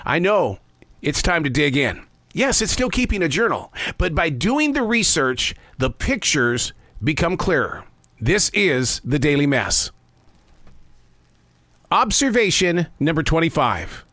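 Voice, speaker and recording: A man in his sixties hosting a scripted commentary monologue in an expressive, playful storyteller's way. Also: high voice, dry recording. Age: 60s. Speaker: host. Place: South of the United States.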